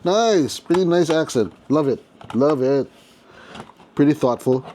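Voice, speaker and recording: A man's voice: on the high side, expressive, measured pace, noisy background. Chatty man unboxing toys. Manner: chatty, playful, jokey. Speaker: toy collector host. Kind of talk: casual unboxing commentary.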